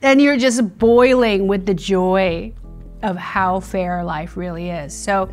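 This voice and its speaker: A woman's voice: mid-range voice, steady tone, takes it slowly, darkish tone, faint music behind. A woman in her fifties, a comedian guest in a casual interview, talking in a reflective way. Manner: reflective, drops to a breathy whisper for emphasis.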